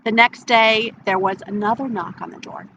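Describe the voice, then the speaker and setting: A woman nature educator telling a children's story in an animated, expressive way. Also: mid-range voice, moderate pace, vocal fry, highs cut off, noisy background.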